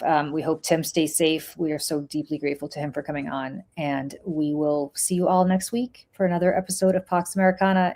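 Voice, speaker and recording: A woman's voice: low voice, a little mellow. Impassioned woman with a Russian accent. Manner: impassioned, emphatic, full of restarts. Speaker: podcast co-host. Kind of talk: casual political chat. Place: New York City.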